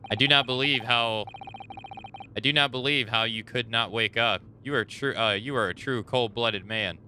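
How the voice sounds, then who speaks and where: A man's voice: mid-range voice, moderate pace, bright, forceful tone, slight background noise. A man putting on a stern middle-aged Russian ship officer with clipped, broken English while reading game dialogue aloud. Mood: accusing.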